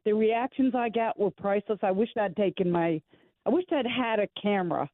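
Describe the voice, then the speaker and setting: A woman's voice: medium pitch, a little fast, no echo. A woman calling a radio show, telling a playful story in a chatty, rambling way. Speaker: radio caller. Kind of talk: casual phone chat. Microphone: telephone. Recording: tinny phone line.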